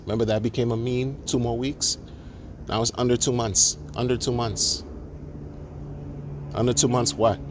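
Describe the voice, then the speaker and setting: A man's voice: lowish voice, slight background noise. A man ranting indignantly to camera, repeating himself and restarting words as he builds his case. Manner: indignant, repetitive, stammering restarts. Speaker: crypto commentator. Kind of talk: ranting monologue.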